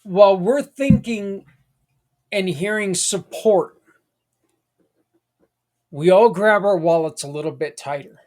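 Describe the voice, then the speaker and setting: A man's voice: high voice, slow pace, pauses often, a little mellow. Folksy man hosting a podcast. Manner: conversational, folksy, rambling with asides. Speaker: podcast host. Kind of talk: casual monologue.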